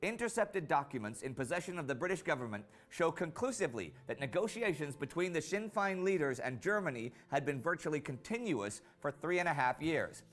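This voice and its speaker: A man giving scripted narration for a history documentary series, measured and storytelling, rising for quoted lines. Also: a little high, big pitch swings, a bit bright. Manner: measured storytelling delivery, rises for quoted speech.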